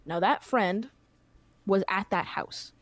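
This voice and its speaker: Here a young podcast host spins a lengthy story in a loose, rambling style, leaning on lots of filler words. She speaks slowly in a mid-range voice, with no room sound at all.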